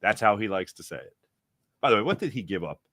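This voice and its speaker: A man's voice: lowish voice, fast talker, dry recording, clean studio sound. Upbeat man hosting a sports podcast. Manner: energetic, rambling, jokey. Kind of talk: live postgame chat reading viewer comments.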